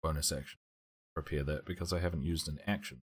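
A man's voice: rumbling low, steady tone, a little fast, husky. A man playing a tabletop game, methodically talking through his moves and the rules as he goes. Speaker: player. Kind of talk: casual tabletop play.

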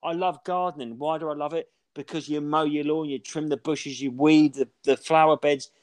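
A man in his forties, a podcast co-host, rambling and swearing as he tells animated stories in casual chat. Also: fairly high pitch, moderate pace. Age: 40s.

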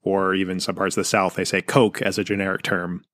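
A man's voice: low voice, little pitch movement, fairly quick, a bit bright, no room sound, clean studio sound. A man from the Pacific Northwest hosting a podcast, easygoing and affable, who stammers a little at the start of his sentences. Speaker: podcast host. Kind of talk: casual interview chat.

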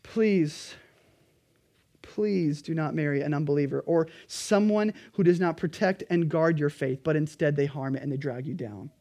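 Male pastor, higher voice, earnest emphatic sermon delivery. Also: moderate pace. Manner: emphatic preaching, pleading then quietly earnest.

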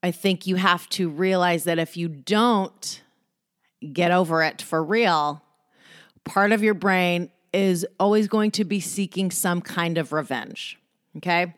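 A woman's voice: lowish voice, measured pace, no room sound, studio quality. A woman hosting a casual self-help monologue, candid and joking, with profane asides.

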